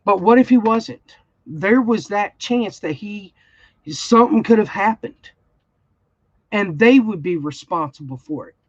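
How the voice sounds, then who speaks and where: A woman's voice: medium pitch, animated, measured pace, dry recording. A woman, telling a story in a blunt, heated way during a casual livestream chat. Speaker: crafting channel host. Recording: dull, slightly lo-fi sound.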